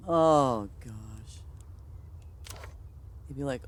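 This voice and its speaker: A woman's voice: low-pitched, animated, a little slow. A woman streaming a farming game, chatting casually with her viewers and laughing often. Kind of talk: casual live-stream chat while playing.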